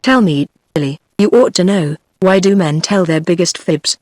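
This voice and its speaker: Brisk, composed young secretary, read by a synthetic British woman. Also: fairly low pitch, expressive, a little mellow, no echo, clean studio sound. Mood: firm. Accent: British English. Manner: brisk, firm.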